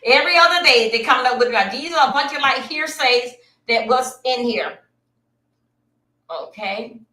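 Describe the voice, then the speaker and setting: A woman's voice: high voice, normal speed, pushed and bright, roomy sound, poor audio. A woman hosting a casual livestream, rambling and talking straight to her viewers from her computer. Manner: chatty, rambling, addresses viewers directly. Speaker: livestream host. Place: at home at a computer.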